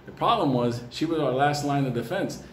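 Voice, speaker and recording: A man tells a comic story, swearing freely and breaking into laughter. His voice sits a little high for a man. The room is echoey, with a faint murmur of ambience behind him. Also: a little fast, slight background noise. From New York. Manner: profane, animated, laughs often.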